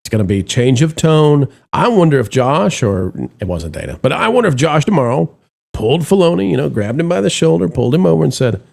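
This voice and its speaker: Animated, theatrical man hosting a commentary chat. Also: on the high side, a little fast, vocal fry. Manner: theatrical, mock-solemn, addresses audience as folks. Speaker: show host.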